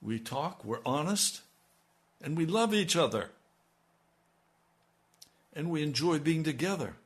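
A middle-aged male pastor delivers a radio sermon and prays earnestly, pleading more and more intensely as he goes. His voice is on the high side, animated and measured in pace.

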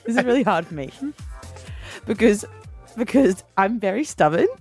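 Lively giggly woman radio co-host. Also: medium pitch, moderate pace, husky, soft background music. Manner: playful, giggly, animated storytelling. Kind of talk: casual radio banter.

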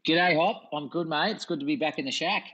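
An Australian man, a lifeguard guest, recounting a rescue in relaxed, self-deprecating casual chat. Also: fairly high pitch, fairly quick, rough recording.

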